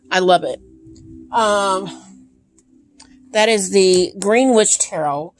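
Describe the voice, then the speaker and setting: A woman casually showing tarot decks on camera, gushing with enthusiasm between frequent ums. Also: mid-range voice. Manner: gushing, enthusiastic, lots of ums and repeated praise. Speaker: tarot deck collector. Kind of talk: casual show-and-tell vlog. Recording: steady background hiss with handling clicks.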